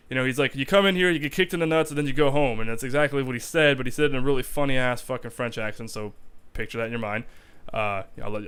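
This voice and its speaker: A man's voice: mid-range voice, a bit bright, clear, resonant tone. A young man talking in a casual vlog, rambling and swearing heavily as he describes army reserve life. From Canada. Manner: profane, rambling, emphatic.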